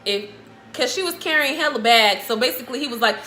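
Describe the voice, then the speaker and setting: A woman's voice: fairly high pitch, expressive, fast, pushed and bright, slight background noise. A woman co-hosting a casual storytime chat, blunt and playful, jumping in with comments and questions. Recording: echoey room.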